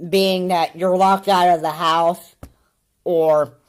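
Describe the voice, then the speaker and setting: A woman's voice: on the low side, steady tone, slow pace, clean tone. A woman giving casual commentary over video clips, rambling and repeating her points with many fillers.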